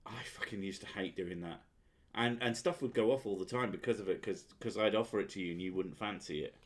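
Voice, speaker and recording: A man's voice: fairly low pitch, a little fast. A man hosting a casual chat, sweary and sardonic, often laughing at his own jokes. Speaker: podcast host.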